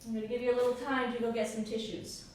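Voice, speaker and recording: A woman leads a yoga class, her voice gentle and encouraging as she asks how you are feeling. She is heard from a distance in a strongly echoing room with a faint hiss behind her. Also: on the high side, little pitch movement, quick pace. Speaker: yoga teacher. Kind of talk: guided yoga class instruction. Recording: echoey room, mic far off, faint hiss.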